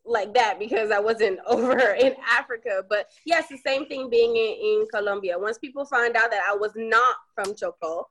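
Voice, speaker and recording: Podcast guest: American woman, slightly high voice, relaxed and laughing. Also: normal speed, hardly any pauses. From United States. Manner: relaxed, laughs while telling her story. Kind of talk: casual chat.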